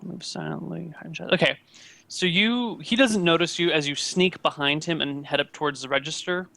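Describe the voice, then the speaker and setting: A male game master narrating a tabletop game in a casual, halting way full of fillers. His voice is gravelly and bright, set a little high. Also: no echo.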